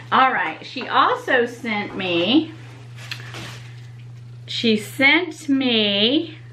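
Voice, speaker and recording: High-voiced woman gushing over gifts. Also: a bit bright, rough recording. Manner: gushing, exclaims often in delight; talks straight to viewers. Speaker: YouTube channel host. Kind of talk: casual unboxing vlog.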